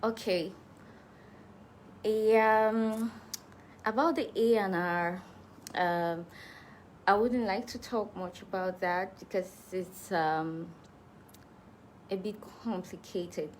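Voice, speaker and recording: A woman's voice: mid-range voice, fairly even intonation, slow pace, pauses often, slight background noise. A woman with a Cameroonian accent, a musician chatting casually through fan questions, laughing easily and restarting her sentences. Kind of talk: casual live Q&A chat.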